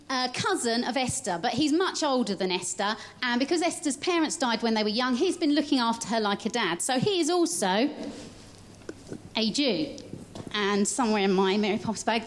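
A woman telling a Bible story during a church service, lively as she directs child volunteers. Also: on the high side.

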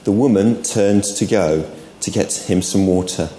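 A man's voice: deep voice, unhurried, mellow. A man giving an informal sermon at an all-age church service, with friendly asides to the congregation. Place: church hall. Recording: echoey church room, faint background noise.

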